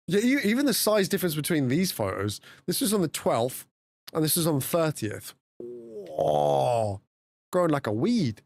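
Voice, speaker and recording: Male streamer, lively pitch swings, casual chatter. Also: moderate pace, vocal fry, dry recording. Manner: chatty, laughing, swings between low mutters and high exclamations. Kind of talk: casual live-stream chat.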